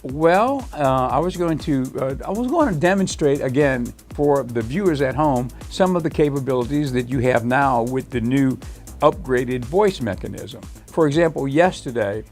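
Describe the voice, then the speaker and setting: A man hosting a live talk show about technology, speaking in a halting way with many fillers and restarts. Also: mid-range voice, expressive, darkish tone, soft background music. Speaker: host.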